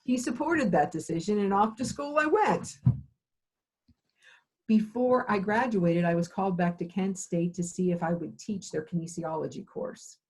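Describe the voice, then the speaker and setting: A woman's voice: medium pitch, normal speed, a little mellow, slightly rough, low-quality recording. A middle-aged woman, an occupational therapy program director, telling her career story in an interview and acting out the dialogue as she goes.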